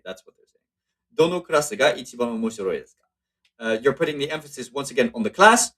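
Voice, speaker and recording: A man walks through a language lesson in a loose, conversational way. He is even in pitch, stops to correct himself, and fills his pauses with "uh" and "um". It sounds like an informal tutorial. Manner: relaxed, explaining with frequent fillers and self-corrections. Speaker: Japanese language teacher. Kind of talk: casual spoken lesson walkthrough.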